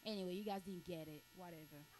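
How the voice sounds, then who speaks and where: A woman from Cameroon doing stand-up crowd work, blunt and crude, repeating herself and breaking into shouts. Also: on the low side, fast talker, slight background noise. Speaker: stand-up comedian.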